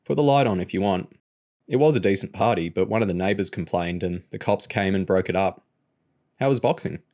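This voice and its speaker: A firm, matter-of-fact teenage boy giving level-headed advice in an audiobook, in a low, plain voice. A man reads him close to his own voice. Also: a little fast, a little mellow. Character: laid-back teenage boy, blunt and steady.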